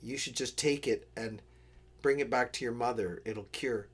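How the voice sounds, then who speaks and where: A man voicing a female witch who coaxes a boy in a soft, persuasive way. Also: mid-range voice, normal speed, breathy edge, pitched below the performer's own voice, lightly acted. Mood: coaxing. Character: tempting female witch, coaxing.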